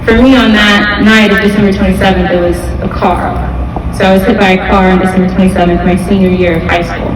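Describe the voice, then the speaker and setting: A woman's voice: medium pitch, background noise. Woman speaking far off in an echoey hall. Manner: casual, earnest, with fillers and repeats. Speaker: guest speaker at a school event. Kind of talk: motivational talk to students. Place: large school hall. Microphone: distant camera mic. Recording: echoey gym, far from the mic.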